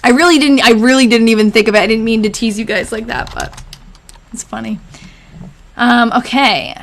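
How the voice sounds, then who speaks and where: A young woman with a slightly high voice hosting a live stream. She chats casually with viewers, answers their comments and laughs often. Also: a little fast, a little hiss or hum. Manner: chatty, laughs often, reads comments aloud. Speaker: live stream host reading old diaries.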